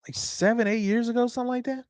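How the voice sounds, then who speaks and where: A man hosting a livestream, reacting to a TV episode with animated, joking, slangy banter. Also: very high-pitched, fast talker, no room sound. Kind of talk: casual reaction chat.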